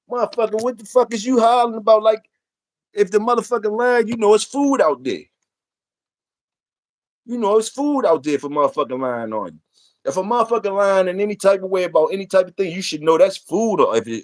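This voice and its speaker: A man's voice: a little high, dry recording. A man, hosting a casual livestream, ranting in a profane, repetitive and emphatic way. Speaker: livestream host.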